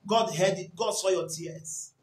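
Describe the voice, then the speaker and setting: A man preaching a sermon with great passion, often shouting and repeating lines. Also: high voice, unhurried. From Nigeria. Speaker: pastor. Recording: echoey hall.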